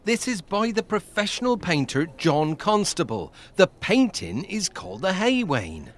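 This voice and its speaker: Exasperated son in a comedy sketch, lively pitch. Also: male voice, measured pace. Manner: exasperated, correcting.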